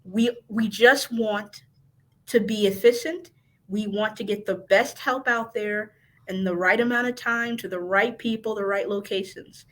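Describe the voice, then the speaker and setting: A woman's voice: mid-range voice, a little slow, a bit bright, low-quality recording. A woman dispatch training technician speaking as a podcast guest, earnest and emphatic, repeating her points and laughing along. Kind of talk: casual podcast interview chat.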